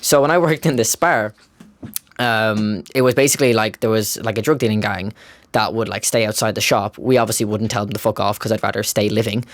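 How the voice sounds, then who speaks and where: A young man with a Dublin Irish accent hosts a casual podcast. He rattles through his stories at a quick clip and swears as he goes. The sound is dry and close. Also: on the low side, dry recording. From Ireland. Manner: storytelling, animated, swears casually. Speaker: podcast host. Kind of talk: casual chat.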